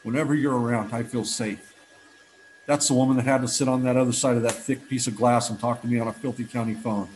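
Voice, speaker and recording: A man's voice: medium pitch, little pitch movement, fast talker, hardly any pauses, darkish tone, rough recording. A middle-aged man with a mid-range voice speaks at a recovery meeting. He tells his story earnestly and from the heart, often restarting his sentences. A faint hiss of noise sits behind him. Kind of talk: personal testimony talk.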